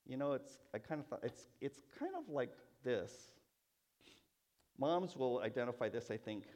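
A man preaching a sermon as pastor, speaking in a slow, prayerful way and building emphasis through repeated phrases. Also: mid-range voice, animated, darkish tone.

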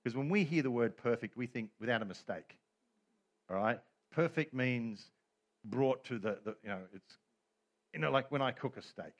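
A man's voice: mid-range voice, moderate pace. A middle-aged man preaching a sermon as pastor, telling stories with humor and quoted voices.

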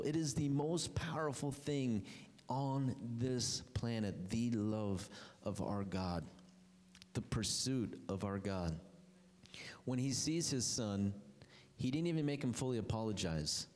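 A man preaching with passion from a church sanctuary, his voice carrying a long reverb tail off the walls. He climbs into high, emphatic bursts and then drops low and quiet, at a mid-range pitch. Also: measured pace. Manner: impassioned, swings from high emphatic lines to low quiet ones. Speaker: pastor. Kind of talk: sermon.

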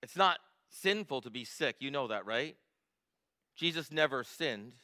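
Bright-voiced male pastor preaching a sermon. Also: medium pitch, expressive, unhurried. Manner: builds from quiet to emphatic. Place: church.

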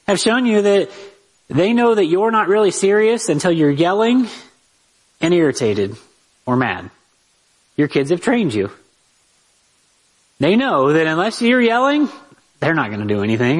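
A man teaching a conversational Bible lesson on parenting, lively and talking straight to his listeners with rhetorical asides. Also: sits high, measured pace, pauses often, low-quality recording.

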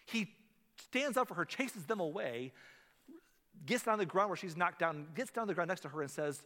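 A male pastor preaching a sermon, dynamic and shifting between hushed, gentle passages and loud, emphatic ones. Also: sits high, expressive, moderate pace, in a large hall.

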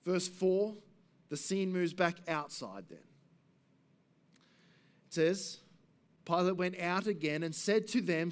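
A man with a high-pitched voice preaches through a passage, earnest and searching. He pushes up for emphasis, then sinks into low, hushed stretches. The delivery is unhurried and conversational. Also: expressive. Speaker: pastor. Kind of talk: expository sermon.

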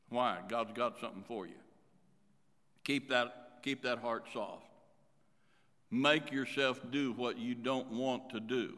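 A man preaching a sermon as pastor, swinging between loud emphasis and quiet asides. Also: medium pitch, takes it slowly. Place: church sanctuary. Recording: reverberant church hall.

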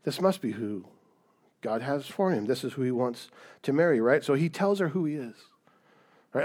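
A man's voice: mid-range voice, moderate pace, long pauses. Conversational male pastor preaching. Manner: conversational, animated storytelling, frequent "right?". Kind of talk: sermon.

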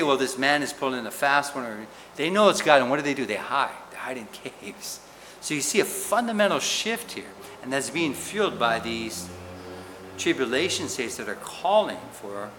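A man preaching a sermon in an animated, questioning way, often checking in with "right?". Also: medium pitch. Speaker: pastor. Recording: reverberant hall with faint noise.

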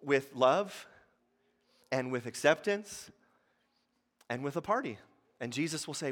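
A man preaching as a pastor, retelling a parable with quiet asides that build into loud, animated passages. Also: mid-range voice, unhurried, long pauses, big-room sound. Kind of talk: sermon.

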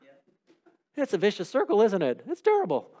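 A man's voice: high voice, wildly swooping pitch, normal speed, warm tone. A middle-aged man preaching a sermon in a conversational way, asking rhetorical questions and acting out little quotes. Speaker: pastor.

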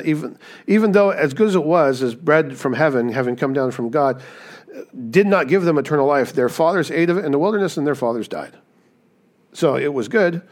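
A man's voice: mid-range voice, darkish tone. A man preaching a conversational sermon, often checking in with "right?". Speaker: pastor. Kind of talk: sermon teaching.

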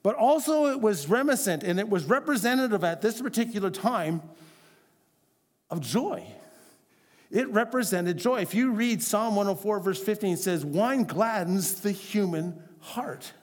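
A man's voice: high voice, lively intonation, normal speed, in a large hall. A man preaching as a pastor. He talks conversationally and keeps asking the congregation questions. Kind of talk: sermon.

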